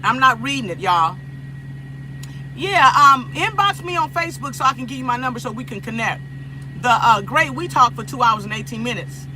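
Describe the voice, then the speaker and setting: A woman from Los Angeles hosts a casual phone livestream and talks straight to her viewers. Her voice sits high and bright. She repeats herself, laughs a lot, and a faint noise runs underneath. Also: lively intonation, moderate pace, rough recording. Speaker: livestream host.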